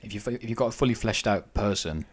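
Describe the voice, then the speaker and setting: A man with a very low voice talks in a relaxed podcast conversation. He reasons in a measured way, weighing each side before settling on a view. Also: husky. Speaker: podcast co-host. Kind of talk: casual discussion.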